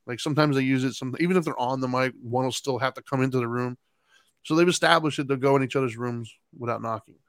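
Man telling a lively family story. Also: medium pitch, fast, dry recording. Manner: animated, laughs while telling, acts out his kids' lines. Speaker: podcast co-host. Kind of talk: casual storytelling chat.

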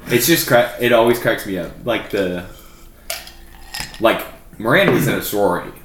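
A man's voice: fairly low pitch, expressive, normal speed, a bit bright. Chill young guy trading college stories, roomy echo, little hiss behind. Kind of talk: casual chat.

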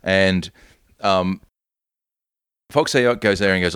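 A man co-hosting a casual film-review chat, retelling scenes with lively storytelling and acting out the characters' lines. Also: deep voice, slow, clean tone, no echo. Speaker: podcast co-host.

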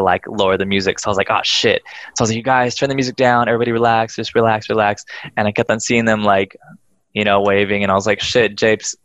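Male podcast storyteller, low voice, animated and profane, close dry lo-fi sound. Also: no room sound. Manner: animated, swears freely, acts out quoted voices.

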